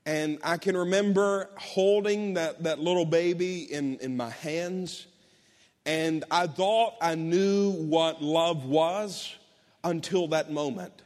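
A man's voice: a little high, slow, a little mellow. A middle-aged man preaching a sermon, telling a personal story in an earnest way with many restarts. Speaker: pastor. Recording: long hall reverb.

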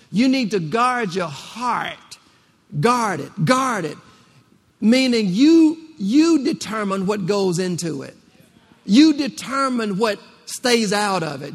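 A man preaching a rousing sermon to a congregation, repeating phrases and calling for responses. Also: sits high. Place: church. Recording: long reverb of a church hall.

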